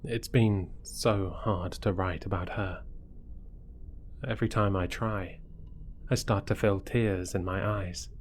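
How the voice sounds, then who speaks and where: A man reading a horror story aloud in a measured, scripted narration. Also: low-pitched, fairly even intonation, slight background noise. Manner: slow, measured storytelling delivery.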